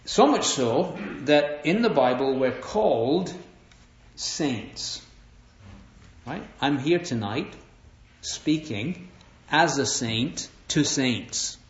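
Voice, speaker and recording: A man's voice: medium pitch, expressive, drawn-out words. A middle-aged man preaching a sermon, earnest, often stammering and checking in with "right?". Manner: earnest, repeats "right?" to the audience. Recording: roomy, dull live hall recording.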